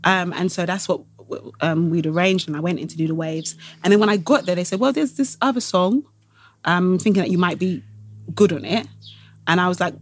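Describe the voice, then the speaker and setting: A woman singer chatting in an interview, telling stories in a lively way and acting out what other people said. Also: fairly low pitch, a little fast, a little hiss or hum. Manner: animated storytelling, laughing, acts out quoted voices. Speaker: guest singer. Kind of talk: casual interview chat.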